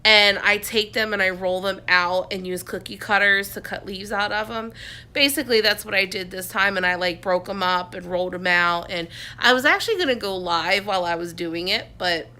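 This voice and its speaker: A woman's voice: medium pitch, moderate pace, pushed and bright. A woman talking casually to her phone camera from her couch at home, rambling with lots of fillers and restarts. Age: adult, has a son. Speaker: vlogger. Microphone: phone on a selfie stick, close.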